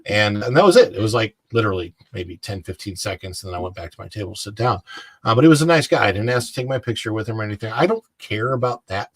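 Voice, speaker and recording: Low-voiced guy rambling through stories on a casual stream, dry close sound. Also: fast talker, dry recording. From United States. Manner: chatty, rambling anecdotes. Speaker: co-host. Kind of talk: casual chat on a livestream.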